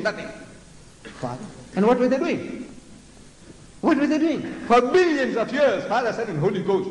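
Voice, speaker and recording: An older man with a South African accent lectures an audience in a mocking, animated way, slipping into mimicked voices. His voice sits on the high side. The sound carries the long echo of a large hall. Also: slight background noise. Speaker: public speaker. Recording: echoey hall recording.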